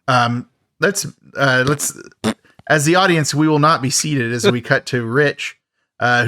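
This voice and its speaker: A man talks through a film's plot on a podcast, loose and rambling, with lots of fillers and wry asides. His voice sits in a middle pitch. The sound is dry and close to the mic. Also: bright, forceful tone, no echo. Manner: rambling, filler-heavy, laughs at the film. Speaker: podcast host. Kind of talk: casual film recap.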